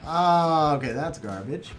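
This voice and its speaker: His voice is fairly high and a little bright as he streams a game live. The young adult man goes through chat messages in a relaxed manner, frequently chuckling and calling everyone bro.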